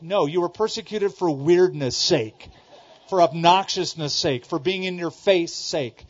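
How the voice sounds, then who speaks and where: A middle-aged male pastor from Southern California preaches emphatically, repeating key lines and swinging between loud exclamations and quiet asides. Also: high-pitched, moderate pace. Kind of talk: sermon. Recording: dull lo-fi sermon recording.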